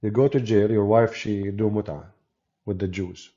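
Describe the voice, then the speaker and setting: With a fairly low, dark, steady voice at a normal speed, a native Arabic speaker from the Arab world offers mocking, sarcastic live-stream commentary, debating and hosting his channel in an Arabic-accented delivery. The recording is dull and lo-fi.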